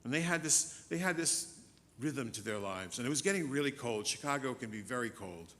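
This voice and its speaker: A man minister preaching a sermon and telling a story, shifting between soft, slow passages and loud, fast ones. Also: animated. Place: church sanctuary. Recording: church hall reverb, faint rumble.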